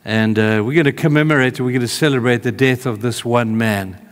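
Preacher in a reverberant hall. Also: male voice, medium pitch, brisk. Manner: conversational, swings between emphatic calls and hushed tenderness. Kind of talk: sermon.

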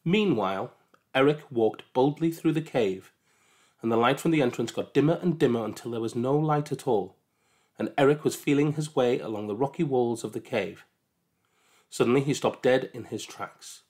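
A man calmly narrating a storybook aloud, with measured delivery. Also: mid-range voice.

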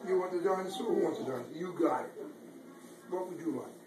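A man's voice: a little high, fast talker. Man reading a picture book to preschoolers. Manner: encouraging, quizzes the children. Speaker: storyteller reading to children. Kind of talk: reading a picture book aloud to small children. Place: preschool classroom. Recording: roomy, distant, noisy classroom sound.

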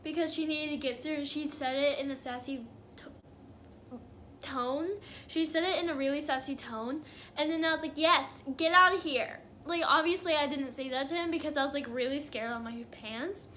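A woman's voice: high-pitched, normal speed, a bit bright, slight background noise. A young woman telling a casual storytime on her vlog, chatty and giggly with lots of fillers. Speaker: vlogger.

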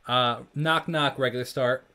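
A man chats on a livestream from a room at home, reading viewer jokes aloud one after another. He keeps breaking into laughter as he talks, and his voice sits at an ordinary, everyday pitch. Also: steady tone, a little slow, sharp tone. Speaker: livestream host. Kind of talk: casual livestream chat.

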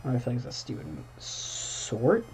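A man's voice: medium pitch, sing-song, normal speed, darkish tone, slight background noise. A young man casually commentating his own gameplay at home, talking back at the game and bursting into exclamations. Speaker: gaming channel host. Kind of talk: casual let's-play commentary. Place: home room at night.

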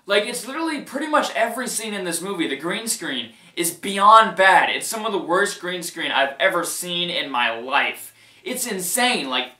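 Male reviewer, high and sharp voice, exasperated casual rant with frequent laughs, echoey room. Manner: exasperated, emphatic, repeats himself, laughs often. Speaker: movie reviewer.

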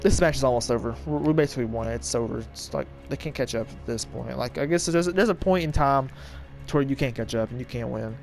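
Young male gamer, casual rambling commentary, quick to heckle, faint game music under him. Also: medium pitch, vocal fry. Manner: excitable, trash-talking, rambling. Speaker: gaming YouTuber.

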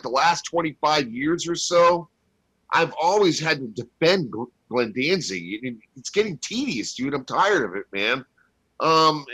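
A man's voice: fairly high pitch, a bit bright, breathy edge, no room sound, rough recording. Blunt, exasperated podcast man. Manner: exasperated, blunt, repeats words. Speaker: podcast co-host. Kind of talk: casual profane podcast chat.

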